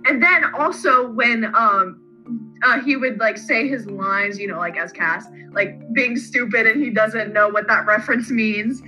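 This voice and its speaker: Woman co-host rambling through a fan chat, bright voice, a bit high. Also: unhurried, soft background music, low-quality recording. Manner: rambling, animated retelling. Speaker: podcast co-host.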